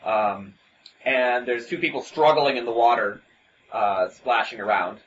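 A man narrating as game master of a tabletop game, halting with many ums and restarts. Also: medium pitch, a bit bright. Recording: dull lo-fi recording with faint hiss.

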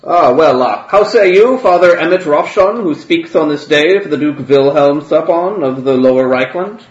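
A man voicing a formal high cleric presiding over a vote, asking halting questions. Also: expressive, close to an everyday voice. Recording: roomy, dull, faint noise.

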